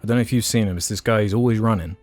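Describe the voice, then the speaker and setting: Deep-voiced guy on a podcast, rambling story mode, lots of ums, faint music behind. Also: rapid-fire, a little mellow, no echo. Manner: rambling storyteller, many fillers and restarts. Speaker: podcast co-host. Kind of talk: casual chat.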